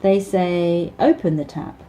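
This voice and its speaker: Mellow-voiced woman teacher, hesitant. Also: on the low side, slow, low-quality recording. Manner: hesitant, many ums and restarts, laughs often. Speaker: English teacher. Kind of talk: casual advice video.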